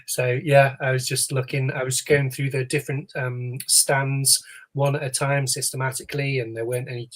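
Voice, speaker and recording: A young man on a casual podcast panel, talking at a mid pitch. He hesitates often, filling his sentences with ums and uhs. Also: flat delivery, moderate pace, rough recording. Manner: hesitant, lots of fillers.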